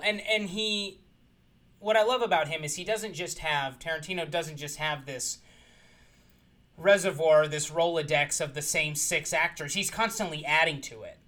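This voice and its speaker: A man's voice: a little high, pushed and bright. A man guesting on a podcast, talking enthusiastically about films in a casual, articulate way. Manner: enthusiastic, articulate, frequent ums. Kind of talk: casual film discussion.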